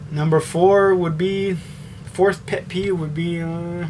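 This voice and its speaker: A man's voice: sits high, steady tone, takes it slowly, a little mellow, slight background noise. A young man chatting casually on camera, answering tag questions in a blunt, rambling, profane way. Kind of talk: casual chat.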